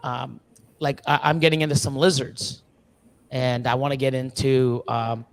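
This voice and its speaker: A man from Canada talking casually on a live stream, rambling earnestly with many restarts and fillers, sometimes mimicking other people in quick bursts. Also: medium pitch, little pitch movement. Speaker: reptile breeder guest.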